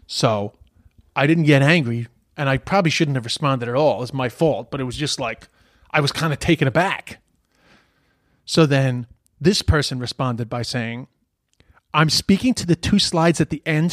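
A man telling a story in a casual podcast monologue, sweary and animated. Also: medium pitch, dry recording, clean studio sound. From Ireland.

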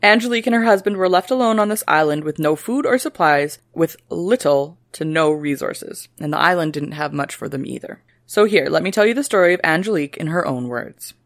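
A woman's voice: low voice, brisk, hardly any pauses, dry recording, studio quality. A woman co-hosting a casual history podcast, reading old quotes aloud and joking between passages. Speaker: podcast co-host.

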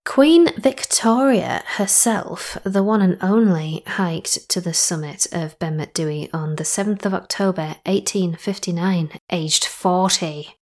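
A woman's voice: on the low side, a little slow, hardly any pauses, a little mellow. Chatty young woman podcast host. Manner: chatty, rambling asides and self-corrections. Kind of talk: casual podcast narration.

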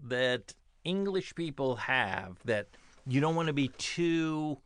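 A man with a bright, forceful voice trades teasing banter as a podcast co-host. He cuts in often and keeps the chat loose and playful. The sound is dry and close, with no room around it. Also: medium pitch, animated, slow pace, no echo. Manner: playful, teasing, talks over his partner. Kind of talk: casual chat.

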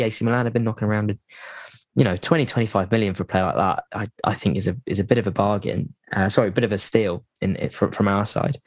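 A man's voice: on the low side, no room sound. A man chatting casually about football on a podcast, rambling with lots of restarts and fillers.

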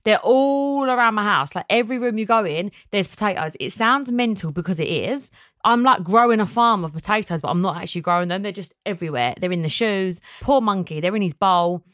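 A woman's voice: medium pitch, brisk, no room sound, studio quality. A woman hosting a casual podcast, chatting animatedly and reading out listener messages. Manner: chatty, animated, laughs often. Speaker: podcast host.

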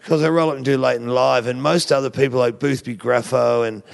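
A man's voice: medium pitch, steady tone, fairly quick, vocal fry. An Australian man, a guest comedian, telling rambling, profane stories in casual podcast talk and laughing through them.

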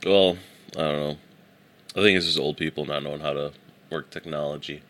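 A man's voice: extremely low pitch, steady tone, fairly quick, a bit bright. A man co-hosting a podcast in casual chat. He is laid-back, laughs often and keeps hyping up his friend. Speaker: podcast co-host.

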